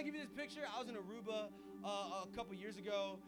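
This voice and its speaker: A young man preaching an energetic sermon as pastor, casual and full of slang, swinging from hushed asides to shouting. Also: sits high, quick pace, music in the background.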